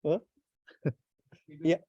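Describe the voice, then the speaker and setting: A man's voice: very slow, warm tone, dry recording, highs cut off. A young man with an Australian accent giving a tech talk at a meetup, hesitant and plain-spoken with restarts. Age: young adult. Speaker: conference speaker.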